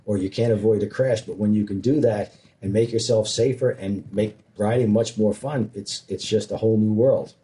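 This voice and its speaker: Mellow-voiced man telling stories. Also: fairly low pitch, moderate pace, few pauses. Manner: animated, self-deprecating humor. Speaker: motorcycle riding instructor, former police officer. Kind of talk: casual storytelling in conversation.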